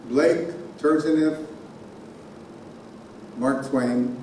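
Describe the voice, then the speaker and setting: A man giving a keynote speech in a conference hall, telling a personal story in an animated way and sounding out noises himself. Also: on the high side, very slow, a little hiss or hum. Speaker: keynote speaker. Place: conference hall on a college campus. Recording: very echoey hall from far off.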